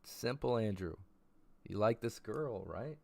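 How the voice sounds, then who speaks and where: A man's voice: on the low side, animated, a little slow, gravelly, darkish tone. A young man hosting a casual livestream, hyped and repeating viewers' names as he reads their messages. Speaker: livestream host.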